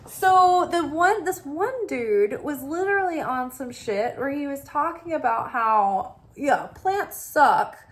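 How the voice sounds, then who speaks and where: A woman with a fairly high voice gives a casual spiritual talk. She is animated and blunt, and she swears freely as she rants with passion. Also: slow, few pauses, slight background noise. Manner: impassioned ranting. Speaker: spiritual teacher.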